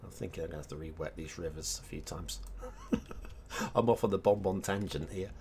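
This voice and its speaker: Low-voiced rambling man streaming. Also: slight background noise. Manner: rambling, hums and mutters to himself while working. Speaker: game streamer. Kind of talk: casual live-stream chat while map making.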